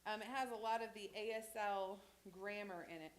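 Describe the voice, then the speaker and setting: A woman's voice: mid-range voice, fairly even intonation, moderate pace, background noise. A woman teaching a sign language class in a church classroom, talking casually with many fillers and restarts.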